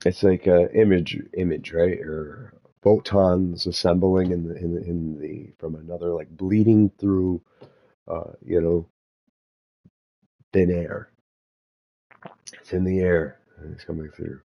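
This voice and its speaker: A man musing aloud in a meandering spiritual monologue, halting often and restarting his thoughts. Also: sits low, steady tone, creaky, lo-fi sound.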